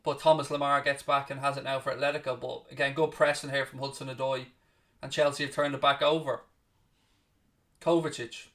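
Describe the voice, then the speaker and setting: A man far from the mic, medium-pitched and a bit bright with a level tone, hosts a live football watchalong. He names each pass in fast play-by-play and is blunt and short with his chat, swearing as he pleases.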